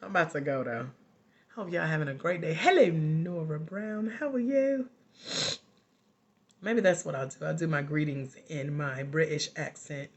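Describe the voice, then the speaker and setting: A woman life coach hosts a relaxed live stream from her home. She talks casually and with animation straight to her viewers. She breaks into laughter often. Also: low voice, brisk, lo-fi sound.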